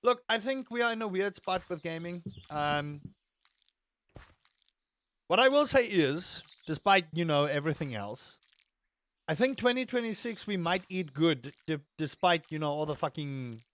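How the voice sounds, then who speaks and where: A man's voice: fairly high pitch, lively intonation, a little slow, fairly bright tone. Rambling young man streaming to chat. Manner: rambling, repeats words, swears. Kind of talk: casual live-stream chat while gaming.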